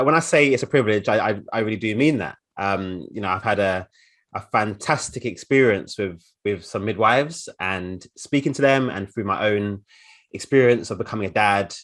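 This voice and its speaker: A man's voice: fairly low pitch, fairly bright tone. A man speaking earnestly at a conference session, with frequent hesitant repeats. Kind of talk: presentation talk.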